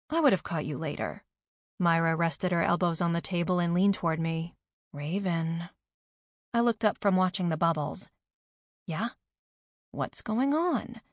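Female narrator, lowish voice, dry booth sound, animated dialogue. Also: no echo. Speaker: audiobook narrator. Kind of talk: first-person scripted narration.

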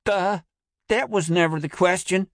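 A man voicing a sarcastic young male friend in a much higher voice, in a storybook reading. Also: unhurried, no echo, clean studio sound. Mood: keyed up.

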